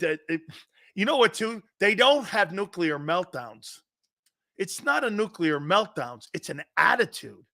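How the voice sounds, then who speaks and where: Excitable high-voiced sports talk host. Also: male voice. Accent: Philadelphia. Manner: loud and excitable, laughs and shouts often.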